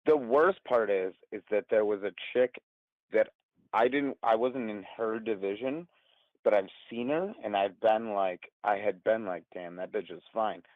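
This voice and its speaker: A man's voice: lowish voice, a little slow, no room sound. A man in his twenties calling in to a show, rambling through a story with lots of swearing and laughter. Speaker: caller. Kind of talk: casual storytelling. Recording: tinny phone line.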